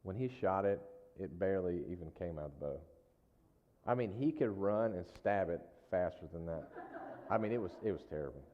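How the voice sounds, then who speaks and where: A man's voice: low voice, expressive, fairly quick, slight background noise. A man preaching in a casual, folksy storytelling style, with frequent asides to the congregation. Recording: dull lo-fi sound with long hall reverb.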